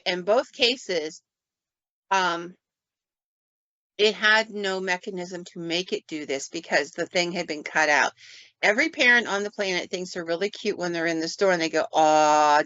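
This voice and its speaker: A woman, a paranormal investigator, telling stories in a casual podcast chat and acting out sounds and quotes with lively flair. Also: mid-range voice, no room sound. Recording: dull, dry lo-fi recording.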